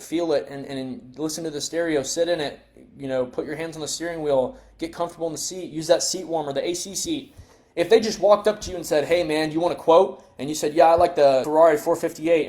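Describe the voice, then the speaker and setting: Fast-talking energetic sales coach man. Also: fairly high pitch. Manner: energetic, blunt, salesy, with frequent "right?" and "dude". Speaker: life insurance sales trainer.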